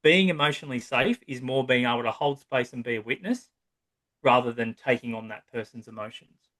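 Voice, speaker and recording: An Australian man in his 30s to 50s appears as a psychotherapist guest on a podcast, speaking briskly in a mid-range, fairly bright voice. He's long-winded and casual, acts out quoted voices, and often checks in with "right?".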